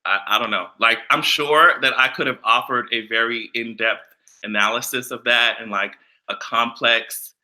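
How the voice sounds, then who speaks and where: A man giving casual pop culture commentary and reacting to a live chat, profane and loud, often bursting into laughter and shrieks. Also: mid-range voice, steady tone, normal speed.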